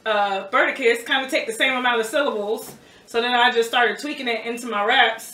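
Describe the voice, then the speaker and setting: A young woman, a rapper, telling stories in a casual interview, animated and often laughing. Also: medium pitch, far from the mic. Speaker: rapper guest. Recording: roomy echo, off-mic, faint background noise.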